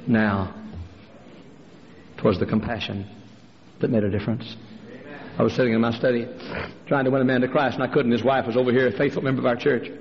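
Gravelly preacher in a big hall. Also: male voice, fairly even intonation, fairly quick, long pauses. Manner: fiery preacher, jumps to a high strained voice for quoted women. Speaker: pastor. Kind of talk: sermon with acted-out stories. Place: large church. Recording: dull, hall reverb, faint noise.

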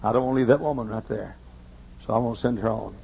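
A middle-aged male pastor from Texas, preaching from a pulpit in a large church, swinging from hushed confession to shouted preaching. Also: mid-range voice, fast, creaky, noisy background. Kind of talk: emotional sermon storytelling. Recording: muffled lo-fi sermon tape.

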